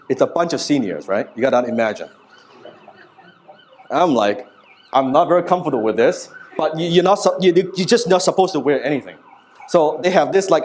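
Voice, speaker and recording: Man, 30s, business seminar speaker, animated storyteller, casual swearing, wide pitch swings. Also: slight background noise. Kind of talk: live seminar talk to an audience.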